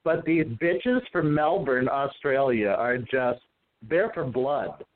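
A man's voice: medium pitch, slow pace. A man co-hosting a casual podcast chat, telling gossipy stories with plenty of swearing. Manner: profane, gossipy storytelling. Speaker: co-host. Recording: phone-like narrow sound.

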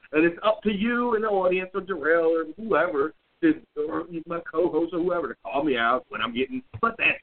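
A man co-hosting a podcast, telling a story in casual chat with blunt, profane, animated delivery. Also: medium pitch. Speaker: podcast co-host. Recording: tinny phone-like audio.

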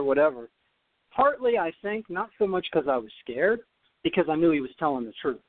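Animated male storyteller over a phone line. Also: on the high side, moderate pace, dry recording. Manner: animated, repeats words while telling a story. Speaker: podcast guest, former tennis player. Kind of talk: storytelling in an interview.

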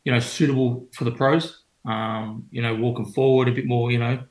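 Recorded with a roomy echo, this young Australian man is a professional boxer guesting in a casual interview. He speaks at medium pitch and normal speed with flat delivery, rambling through stories full of fillers and restarts.

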